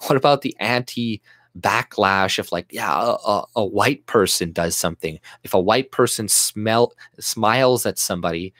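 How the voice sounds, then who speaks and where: A Canadian YouTube commentator delivers an agitated, sarcastic and profane political rant to camera, frequently restarting his sentences. His voice is on the low side with a fairly bright tone and a moderate pace. The audio is studio quality with no room sound.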